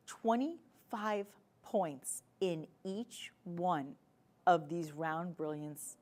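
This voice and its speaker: A woman's voice: lowish voice, expressive, slow, darkish tone. Chatty New Jersey shopping host woman. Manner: chatty, enthusiastic, playful asides. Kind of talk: live TV jewelry sales pitch.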